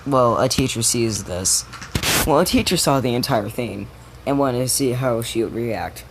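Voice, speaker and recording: A man's voice: medium pitch, lively intonation, normal speed, background noise. A man casually retelling a story, rambling with many restarts and casual swearing.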